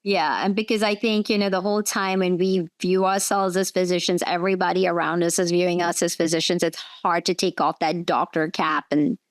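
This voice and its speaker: A woman's voice: lowish voice, steady tone, a little fast, few pauses, dry recording. A woman physician hosting an interview, agreeable and chatty, with lots of "yeah" and "you know". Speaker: host, physician. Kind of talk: conversational interview.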